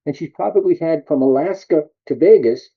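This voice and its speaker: Halting male interviewer, dull lo-fi sound. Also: fairly high pitch, breathy edge. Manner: halting, repeats words as he starts. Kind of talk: casual interview questions.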